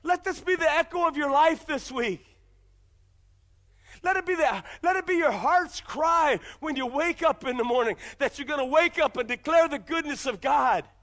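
A man's voice: very high-pitched, moderate pace, a bit bright. A man pastor preaching a sermon in a church, emphatic and full of repeated rhetorical questions.

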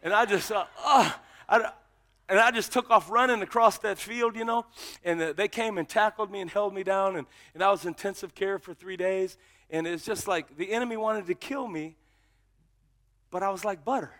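High, bright-voiced man preaching. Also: moderate pace. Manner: storytelling, builds to shouted preaching. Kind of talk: testimony sermon.

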